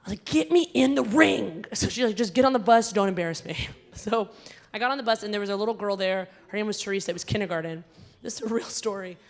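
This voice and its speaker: A woman's voice: medium pitch, quick pace. Chatty woman comedian teasing a gala crowd. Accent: American, Connecticut-like. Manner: chatty, teasing the audience directly. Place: large performance hall on stage. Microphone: handheld stage mic.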